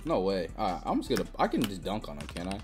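A young woman giving live gameplay commentary, trash-talking with sudden excited yelps and shouts. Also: very deep voice, fast talker, over loud music. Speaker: gaming channel host.

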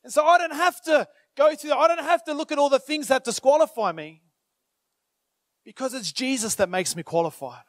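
Animated high-voiced male preacher. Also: no room sound, clean studio sound. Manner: animated, acts out inner thoughts in quick asides; many filler phrases and restarts. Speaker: pastor. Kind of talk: sermon.

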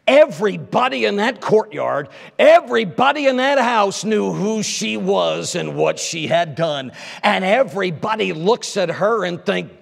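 A male evangelist preaching a sermon, swinging from loud emphasis to hushed lines. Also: on the high side, sing-song, normal speed, gravelly. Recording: echoey church hall.

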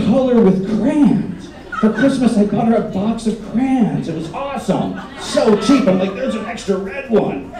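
A man's voice: high-pitched, noisy background. A man from Michigan performing a stand-up comedy set, telling stories and acting out the people in them. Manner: animated storytelling, acts out voices. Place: resort comedy stage. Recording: roomy live stage audio, heard from a distance. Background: audience laughter.

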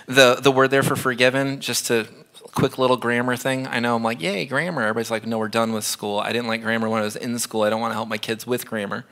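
A man's voice: medium pitch, completely flat delivery, quick pace, bright, forceful tone. A man in his thirties preaching a sermon in a church, conversational and emphatic, repeating phrases for effect. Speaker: pastor.

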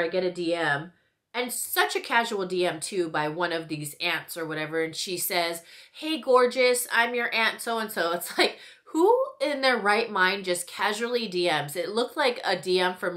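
A woman in her thirties chats to the camera as she does her makeup, her voice sitting a touch low. She rambles casually, packing in "like" and "you know" and laughing often. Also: a bit bright. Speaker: beauty vlogger. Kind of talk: casual get-ready-with-me chat.

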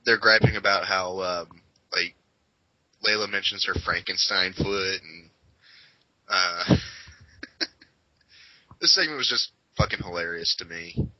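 Low husky man chatting with gusto. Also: measured pace, long pauses. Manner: enthusiastic, swears freely, acts out quotes. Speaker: podcast co-host. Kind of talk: casual wrestling podcast chat. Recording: dull lo-fi podcast audio.

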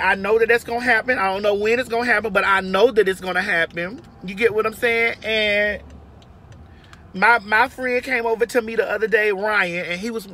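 A woman's voice: medium pitch, sharp tone, a little hiss or hum. A woman giving brash, profane, emphatic advice in a casual monologue from her car. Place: inside a parked or moving car.

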